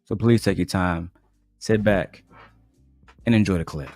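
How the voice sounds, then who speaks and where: A man hosting a commentary stream, pausing clips to make teasing, sarcastic asides to his viewers. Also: sits low, a little mellow, faint music behind.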